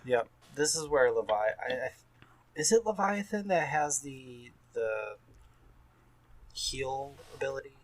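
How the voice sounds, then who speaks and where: A man's voice: medium pitch, animated, takes it slowly, rough recording. A man co-hosting a gaming podcast, chatting casually with restarts and the odd joking curse. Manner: chatty, hesitant, swears for laughs. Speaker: podcast co-host.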